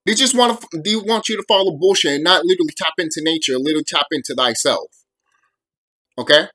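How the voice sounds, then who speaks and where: A man's voice: on the high side, fast talker, sharp tone. A young man ranting to camera on his video channel, heated and full of profanity and repeated phrases. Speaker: vlogger.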